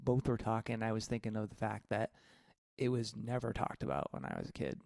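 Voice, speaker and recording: Woman, sixties, podcast host, gravelly voice, dry close recording. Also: very deep voice, expressive, fairly quick, a little mellow, dry recording. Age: 60s. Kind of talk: casual chat.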